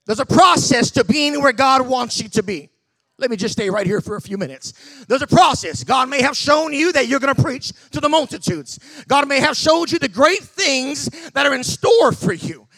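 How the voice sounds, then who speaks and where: High bright-voiced pastor preaching hard, lots of shouting and stumbling repeats, dry close sound. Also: male voice, lively intonation, moderate pace, dry recording. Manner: emphatic, shouting bursts, many repeated words. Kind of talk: sermon.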